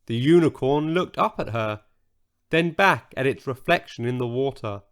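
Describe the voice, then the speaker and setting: A man narrating a children's story aloud in an expressive storytelling manner. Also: medium pitch, moderate pace, clean tone.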